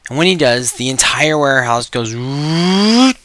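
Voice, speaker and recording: A man's voice: mid-range voice, fairly even intonation, fairly quick, pushed and bright, clean tone, no echo. A man presenting a sales webinar, telling dramatic stories and pushing hard to buy now. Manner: emphatic, pushy, dramatic storyteller. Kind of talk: sales pitch storytelling.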